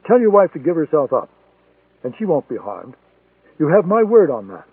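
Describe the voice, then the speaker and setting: A man voicing a cold, menacing male assassin who taunts in a deliberate, threatening way. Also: fairly high pitch, big pitch swings, breathy edge, no room sound, distant mic, heavily acted. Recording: tinny phone-like sound, dry.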